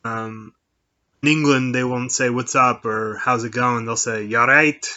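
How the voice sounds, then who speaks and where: Middle-aged guy rambling along with lots of ums, really bright voice, kinda dull lo-fi sound. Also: mid-range voice, steady tone, measured pace. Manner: rambling, with many fillers and restarts. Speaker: podcast host. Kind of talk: casual solo chat.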